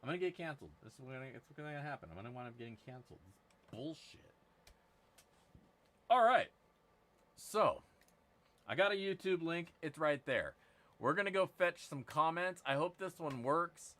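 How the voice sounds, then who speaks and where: Guy hosting a giveaway stream, swears a lot, rambles and jokes, bright lively voice. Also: on the high side, brisk. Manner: crude, rambling, jokey banter. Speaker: channel host running a giveaway. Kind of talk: casual livestream chat.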